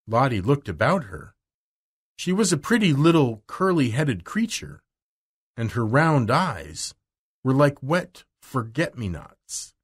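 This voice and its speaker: A man reading a children's novel aloud slowly and expressively for language learners. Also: medium pitch. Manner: slow, clear, expressive. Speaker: narrator.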